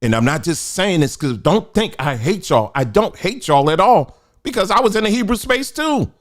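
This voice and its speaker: A middle-aged man, hosting a casual livestream and talking in an animated, preachy, colloquial way. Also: high voice, moderate pace. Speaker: host.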